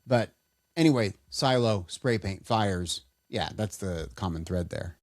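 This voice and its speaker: Speaking with a fairly low, darkish voice, a man co-hosts a casual podcast and tells stories that meander and halt, with frequent restarts. The recording is dry and studio-clean.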